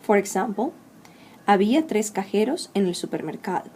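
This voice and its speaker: A woman teaching a recorded Spanish grammar lesson, slowly and clearly drilling verb conjugations one form at a time. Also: mid-range voice, lively intonation, darkish tone, a little hiss or hum.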